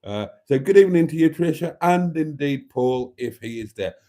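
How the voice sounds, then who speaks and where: Wry, mellow-voiced man streaming. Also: a little high, normal speed. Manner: wry, theatrical, calls viewers darlings; relaxed and a bit rambling, sipping wine. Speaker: channel host. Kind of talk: live stream chat reading viewer comments.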